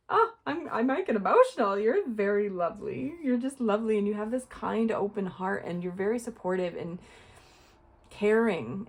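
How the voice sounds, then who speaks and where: A young woman with a medium, darkish voice does a casual tarot reading for her viewers. She's chatty and rambling, her talk full of fillers and little laughs.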